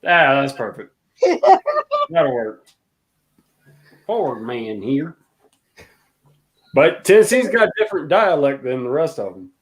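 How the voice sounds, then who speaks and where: A man's voice: a little high, very animated, moderate pace. A man from the middle of the United States in casual chat, laughing often and asking easy questions.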